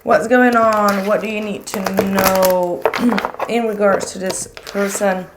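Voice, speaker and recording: A young woman giving a casual tarot reading to viewers, chatty and animated, with frequent filler words. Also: medium pitch, takes it slowly, heavy background noise. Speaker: tarot reader.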